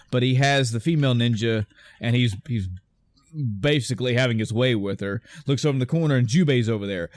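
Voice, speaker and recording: A man's voice: mid-range voice, no room sound. A man hosting a podcast in casual chat, rambling and restarting, often acting out movie lines. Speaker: podcast host.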